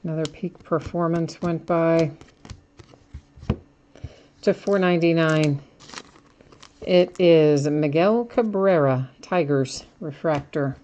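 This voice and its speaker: A woman's voice: sits low, slow pace, long pauses, a little mellow, a little hiss or hum. A woman hosting a live card break, chatting casually and reading out each card as she opens packs. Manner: chatty, laughs at herself, reads out card names. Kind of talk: casual live-stream commentary while opening cards.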